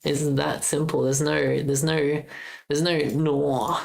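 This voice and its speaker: Aussie woman streaming her game jam, really low slow gravelly voice, rambles and second-guesses herself. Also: little pitch movement, darkish tone, low-quality recording. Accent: Australian. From Australia. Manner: rambling, thinks aloud, self-correcting. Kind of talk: casual livestream chat while coding.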